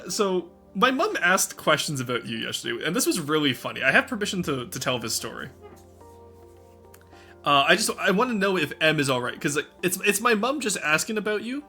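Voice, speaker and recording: Young guy streaming, lively pitch, bright voice, faint music under it. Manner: animated, laughs often, talks to chat. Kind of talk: casual live-stream chat.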